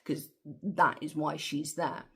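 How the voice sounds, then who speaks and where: A woman's voice: low-pitched, level tone, slow pace, vocal fry, a bit bright, husky. A woman giving a chatty, opinionated film review with slangy asides. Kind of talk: casual film review monologue.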